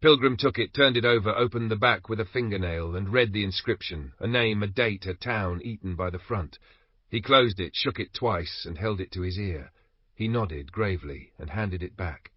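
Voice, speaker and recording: Male narrator, deep-ish voice, husky, steady measured audiobook reading, dry dull recording. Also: dry recording.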